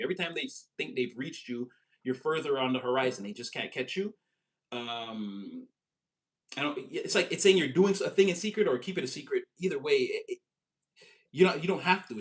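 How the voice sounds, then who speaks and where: A man giving a casual tarot reading, animated and rambling, with his voice jumping up for emphasis. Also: mid-range voice. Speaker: tarot reader.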